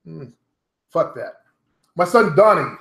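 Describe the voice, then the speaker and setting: A man's voice: a little high, lively intonation, slow, vocal fry, a bit bright. Blunt, profane middle-aged man, roomy sound. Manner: blunt and profane, talks to viewers directly. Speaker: vlogger. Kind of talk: casual rambling monologue. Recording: roomy echo.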